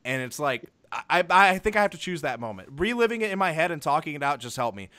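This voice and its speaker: With a voice on the high side, a quick, sing-song delivery and a sharp tone, this young adult podcast co-host rambles through a casual film review. He acts out favourite scenes while retelling them.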